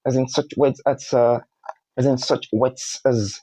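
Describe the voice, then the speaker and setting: Slow, deliberate male phonics teacher. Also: medium pitch, fairly even intonation, warm tone, slightly rough, no room sound, rough recording. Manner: slow, spells out letters one by one, repeats words. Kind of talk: spoken phonics lesson.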